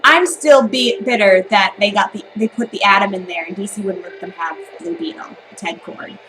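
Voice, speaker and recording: A young woman reacting to a trailer in casual, sarcastic, excitable fan chatter. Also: mid-range voice, normal speed, a little hiss or hum.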